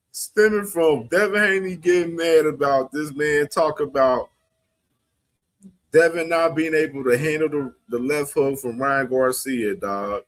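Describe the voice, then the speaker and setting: A man's voice: a little high, a little slow. A man hosting a boxing livestream, talking in loose, slangy, casual commentary. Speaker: boxing stream host.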